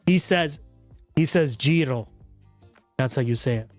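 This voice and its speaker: A man's voice: medium pitch, unhurried, faint music behind. A man hosting a livestream, chatting casually with a rambling, profane manner and frequent laughter. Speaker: livestream host. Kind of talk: casual chat.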